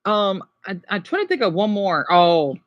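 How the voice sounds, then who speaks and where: Rambling excitable young man chatting. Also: high-pitched, normal speed, dull audio. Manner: rambling, excitable, many restarts and exclamations. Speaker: YouTuber. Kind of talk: casual livestream chat answering viewers.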